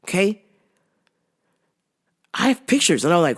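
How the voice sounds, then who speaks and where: A woman from the United States hosts a casual podcast and tells a comic story. She swears freely. Her pitch leaps up and down as she talks, and she sounds animated throughout. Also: moderate pace. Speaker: podcast host.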